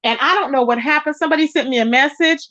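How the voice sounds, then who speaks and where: A woman hosting a casual gossip livestream, chatty and animated, greeting viewers in the chat by name. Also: fast, no echo. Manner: animated, pitch jumps up when excited. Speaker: live-stream gossip host. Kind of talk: casual live-stream chat. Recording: dull lo-fi sound, dry.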